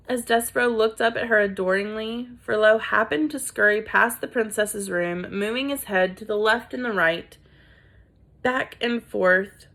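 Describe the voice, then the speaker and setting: A woman reading a children's book aloud in a deliberate storytelling manner. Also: mid-range voice, gravelly, fairly bright tone. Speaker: reader.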